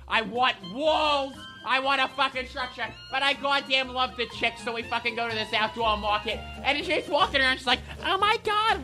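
A loud, cussing hothead of a guy who calls himself a psychopath, ranting nonstop in a bright, cutting tone, as a woman puts him on. The voice sits fairly high for a man and never stops swearing. Faint music plays underneath. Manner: constant swearing, ranting, manic laughter. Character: foul-mouthed hotheaded man, self-declared psychopath. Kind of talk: comedy character monologue.

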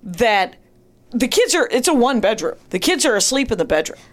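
A woman tells a comic story on a podcast, self-mocking and often laughing. Her voice is fairly high and swings widely in pitch. She talks to her hosts in a loose storytelling way. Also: sing-song, moderate pace. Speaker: guest.

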